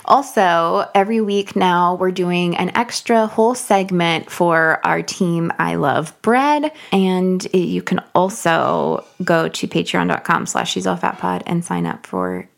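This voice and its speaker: A woman's voice: fairly low pitch, animated, unhurried, creaky, few pauses. A woman co-hosting a casual podcast, talking in a playful, teasing way. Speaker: podcast co-host.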